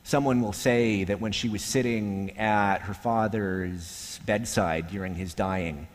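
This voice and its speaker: Slow-preaching man in a reverberant hall. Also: on the low side. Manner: slow, measured preaching with long pauses, dropping to a hushed voice. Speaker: pastor. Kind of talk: sermon. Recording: echoey hall with long reverb.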